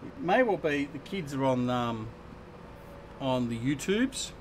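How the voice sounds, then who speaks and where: A man's voice: medium pitch, very animated, a little slow, slight background noise. An Australian man hosting a live gaming stream, chatting and joking with viewers as he plays. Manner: chatty and joking, reading out chat and answering viewers. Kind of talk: casual live-stream chat while gaming.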